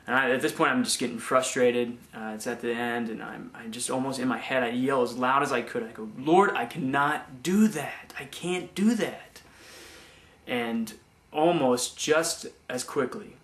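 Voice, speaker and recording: A young man giving a personal faith testimony, speaking haltingly with many restarts and repeated words. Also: mid-range voice, fairly even intonation, a bit bright, roomy sound. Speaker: former missionary giving testimony.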